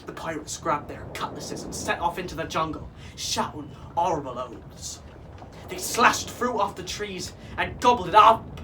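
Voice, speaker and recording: A man reading a children's pirate story aloud in a lively, expressive way. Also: sits high, a little slow. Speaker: children's show performer. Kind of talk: storybook narration for kids. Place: theatre. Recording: distant mic with faint noise.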